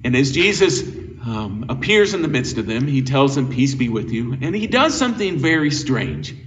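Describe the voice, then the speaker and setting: A man's voice: medium pitch, sing-song, normal speed, fairly bright tone. A man preaching an earnest, conversational sermon as a pastor, often restarting his sentences. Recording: dull, lo-fi sound from a distant mic with faint noise.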